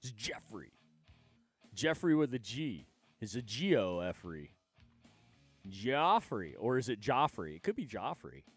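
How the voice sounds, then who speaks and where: A man's voice: mid-range voice, very animated, unhurried, slightly rough, faint music behind. A man chatting casually on his livestream, rambling, swearing freely and laughing often between thoughts. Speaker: livestream host.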